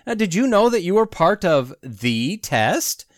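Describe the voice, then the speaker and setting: Here the forties podcast host sounds high-pitched and sing-song, moving a little slowly through a sardonic, offhand monologue. He keeps firing rhetorical questions and chuckling at his own humor, captured in studio quality with no echo.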